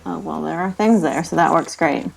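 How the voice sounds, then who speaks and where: A woman playing a tabletop game, chatting excitedly and reacting to the action. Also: low-pitched, moderate pace, gravelly, breathy edge, poor audio. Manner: excitable, reacts with cheers and laughs. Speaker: player. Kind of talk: casual tabletop game chat.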